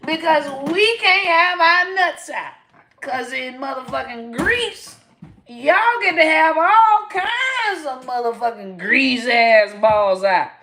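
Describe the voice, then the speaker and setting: High-pitched, cussing comic woman. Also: expressive, takes it slowly. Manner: profane, loud, rambling. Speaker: comedian host. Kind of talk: live-stream comic rant. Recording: echoey room.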